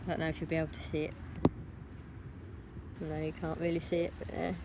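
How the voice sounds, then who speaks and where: In a very noisy recording, a young woman who sounds tired rambles through a casual vlog, phone in hand as she walks outside. Her deep voice stays flat, and the words tumble out without pauses to think.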